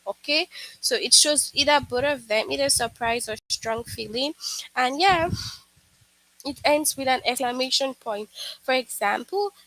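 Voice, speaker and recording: A woman teaches an online lesson to young children, explaining patiently, repeating herself, and saying "okay" and "all right" often. Her voice sits high and is a bit bright, with no echo but a rough recording.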